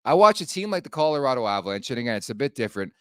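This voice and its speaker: A man's voice: mid-range voice, sing-song, rapid-fire, a bit bright, smooth, dry recording, studio quality. A man hosting a sports podcast, talking in a blunt, casual way and swearing freely. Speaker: podcast host.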